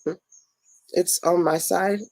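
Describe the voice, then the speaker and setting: Woman host for a late-night live, tired, playful and chatty, gravelly edge, dry close sound. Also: fairly low pitch, steady tone, takes it slowly, darkish tone, dry recording, poor audio. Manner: chatty and playful, talks to viewers and family mid-stream. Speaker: online business coach hosting a live stream. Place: home at night.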